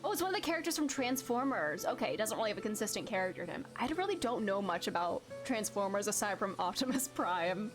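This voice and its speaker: Giggly streamer girl chatting over a game, lively voice, music going under it. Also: medium pitch, fast, few pauses. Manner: giggly and joking. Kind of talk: live game commentary.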